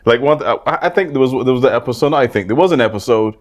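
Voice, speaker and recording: A man's voice: medium pitch, animated, quick pace. A man co-hosting a casual podcast chat, telling rambling stories and backing his partner up with a stream of "yeah, yeah.". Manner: rambling storytelling, constant "yeah yeah" backchannels. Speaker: podcast co-host.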